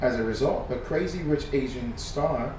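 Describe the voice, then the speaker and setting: A man giving heated reaction commentary, shifting from muttered news reading to loud, profane ranting. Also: medium pitch, moderate pace. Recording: echoey room, distant mic, faint noise.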